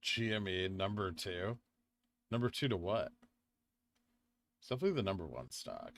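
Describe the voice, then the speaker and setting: A low-voiced man with a bright, forceful edge chats through a live trading stream at his desk microphone. He rambles with plenty of fillers, dropping to near-mutters when reading chat and jumping up in excitement when he explains. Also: moderate pace, a little hiss or hum. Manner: rambling, filler-heavy, swings from quiet muttering to excited bursts. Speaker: livestream trading host.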